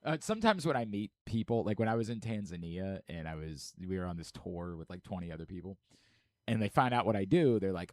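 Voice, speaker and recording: A hoarse man hosting a sports radio show, chatting casually and joking at his own expense. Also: low voice, lively intonation, fast talker, darkish tone, dry recording, clean studio sound. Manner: self-mocking, repetitive joking. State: hoarse from singing at a concert.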